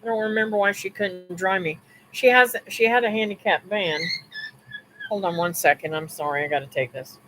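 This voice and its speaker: A woman's voice: mid-range voice, normal speed, fairly bright tone, a little hiss or hum, poor audio. A woman hosting a live stream, telling a personal story in a casual, rambling way with restarts, asides to viewers and religious remarks.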